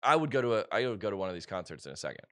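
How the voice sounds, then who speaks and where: A man's voice: fairly low pitch, very animated, very fast, a bit bright, no echo, clean studio sound. A man hosting a podcast, chatting casually and jokingly, rambling and correcting himself as he goes. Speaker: podcast host. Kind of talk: casual comedic chat.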